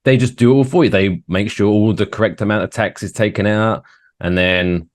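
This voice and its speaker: A man's voice: on the low side, no room sound, clean studio sound. A man with a British accent, a guest on a podcast, chatting casually and telling grumbling stories with plenty of energy. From United Kingdom. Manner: animated, grumbling storyteller. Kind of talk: casual chat.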